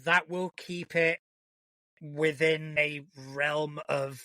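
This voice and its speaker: Bright-voiced man, casual co-host. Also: on the high side, takes it slowly, no echo. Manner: relaxed, thinks aloud, swears casually. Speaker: podcast co-host. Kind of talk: casual chat.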